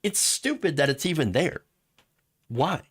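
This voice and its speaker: A man hosting a live political commentary show, sarcastic and animated, laughing at his own jokes. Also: a little high, unhurried, slightly rough. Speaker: host.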